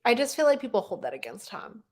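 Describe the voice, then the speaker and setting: A young woman co-hosts a podcast, chatting casually with plenty of fillers and frequent laughter. Her voice is on the high side, sing-song, fast and husky.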